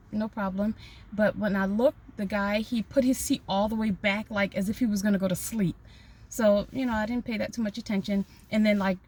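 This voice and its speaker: A woman's voice: mid-range voice, darkish tone. A woman vlogger casually telling a personal story to her phone camera, chatty, with many fillers and restarts.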